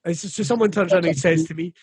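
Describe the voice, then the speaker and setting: A middle-aged Scottish man talking frankly and animatedly, swearing freely and slipping into other people's voices as he tells it. His voice sits a touch high, and the sound is dry and close. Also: racing, darkish tone, breathy edge, dry recording. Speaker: comedian guest. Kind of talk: candid conversational interview.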